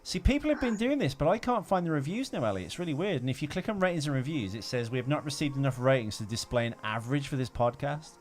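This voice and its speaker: A man co-hosting a podcast in casual banter, halting and self-deprecating, with many fillers. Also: mid-range voice, animated. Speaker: podcast co-host.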